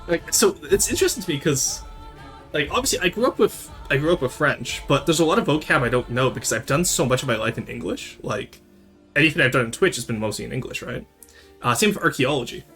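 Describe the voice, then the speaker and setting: A man's voice: medium pitch, fast talker, soft background music. A young man from Quebec chatting casually on a livestream, answering viewers, cursing and laughing freely. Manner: animated, switches into French, swears and laughs freely. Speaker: streamer.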